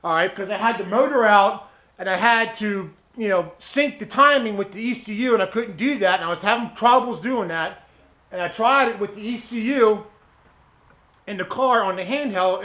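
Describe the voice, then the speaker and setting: A man with a notably high voice talks straight to his viewers in a casual vlog. He sounds animated and heated as he hands out blunt, preachy advice, checking in with "okay?" again and again. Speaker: car channel host.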